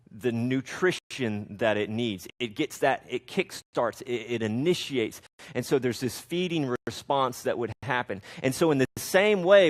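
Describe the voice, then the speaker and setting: A man in his thirties, a pastor, preaching a conversational sermon on parenting and reading scripture aloud, with frequent restarts. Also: medium pitch.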